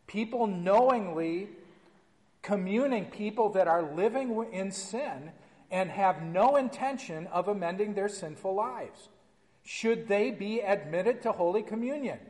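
Male pastor leading a class; high-pitched, conversational, reads liturgy with emphasis; slight hall reverb. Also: lively intonation, a little slow, darkish tone. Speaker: pastor teaching a Bible class. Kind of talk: informal church class lecture with liturgy reading.

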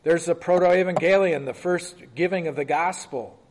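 A man's voice: a little high, moderate pace. Man teaching a Bible study in a reverberant hall. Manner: conversational, asks the group questions, reads scripture aloud.

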